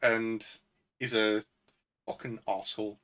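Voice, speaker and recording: A man's voice: lowish voice, little pitch movement, measured pace, pushed and bright, low-quality recording. A young man with a Northern English accent, co-hosting a casual podcast chat and rambling with lots of fillers. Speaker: podcast co-host.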